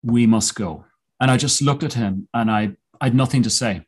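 A man being interviewed as a guest, telling a personal story in a reflective, earnest way with many pauses and restarts. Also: mid-range voice, husky. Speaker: podcast guest, mountaineer.

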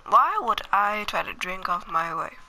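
Sharp-voiced woman doing slangy game commentary. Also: mid-range voice, animated, measured pace, slight background noise, poor audio. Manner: slangy, chatty, mutters asides to herself while playing. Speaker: gaming channel host. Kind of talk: casual gameplay commentary.

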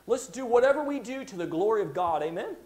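A man's voice: high-pitched, fast. A man preaching a sermon in a church, telling a Bible story and acting out its characters' words. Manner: animated preaching, acts out quoted voices. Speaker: pastor.

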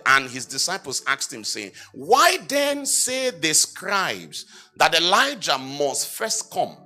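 In a church, an apostle delivers a sermon, slowly reading scripture in old-fashioned language with emphasis. He fires rhetorical questions at the congregation and answers them himself, rising to loud, high-pitched exhortation.

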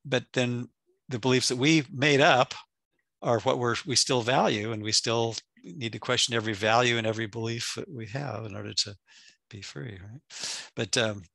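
Male study group leader, gravelly, musing, casual. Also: medium pitch, normal speed, sharp tone, no echo. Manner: musing, chuckling, hesitant with fillers. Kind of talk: casual spiritual discussion.

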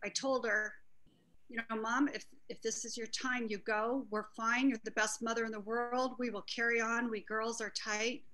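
A middle-aged woman with a high, bright voice speaks to a small church group. She tells a personal story in an earnest, halting way, pausing and restarting as she goes. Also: little pitch movement, rough recording. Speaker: group participant.

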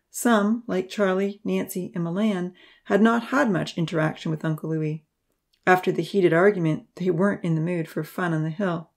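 A woman reading a storybook aloud in a gentle, measured way, narrating as audiobook reader. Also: fairly low pitch.

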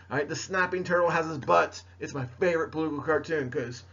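A man's voice: a little high, fast, vocal fry, hardly any pauses, a bit bright, slightly rough. A man teaching a recorded history lesson to students, playful and jokey, talking straight to them. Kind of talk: recorded mini lecture. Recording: dull lo-fi recording.

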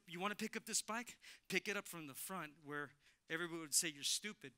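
A man preaching a sermon as pastor, telling a personal story with emphatic repetition and animated delivery. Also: high voice, fast, smooth. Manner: animated, emphatic, repeats phrases, laughs with congregation. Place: church sanctuary.

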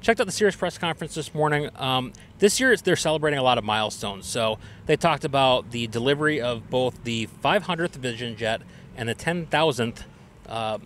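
A man's voice: medium pitch, brisk, fairly bright tone, a little hiss or hum. A man hosting a podcast, giving a casual, upbeat recap with plenty of ums and uhs. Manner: chatty, upbeat, explains things with fillers. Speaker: podcast host.

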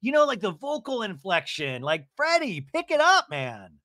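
A man hosting a podcast, recapping a TV episode in a sarcastic, animated way, often laughing and slipping into mock voices. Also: sits high, normal speed, no room sound, studio quality. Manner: laughs often while talking. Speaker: podcast host.

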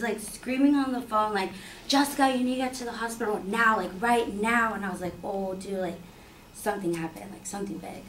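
A young woman telling a personal story in a casual, filler-heavy, animated way. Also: medium pitch, slight background noise. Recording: roomy sound from a distant mic.

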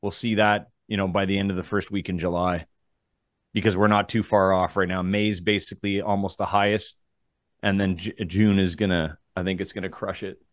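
A man with a Canadian accent co-hosting a podcast as a realtor, chatting casually and relaxed, with frequent fillers. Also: sits low, a little fast, no echo, clean studio sound. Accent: Canadian English. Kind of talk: casual chat.

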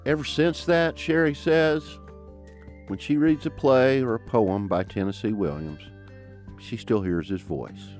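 A man's voice: medium pitch, measured pace. A man in his fifties with a Southern mountain twang, hosting and narrating a podcast in a storytelling way. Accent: Southern American mountain twang. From American South. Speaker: podcast host. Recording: dry studio voice with music underneath.

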